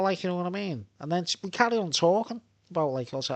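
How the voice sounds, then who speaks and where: A man's voice: fairly high pitch, expressive, fast talker, dry recording. Rambling Merseyside man. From Birkenhead, England. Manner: rambling, tag questions, asides. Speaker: vlogger. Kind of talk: rambling live monologue.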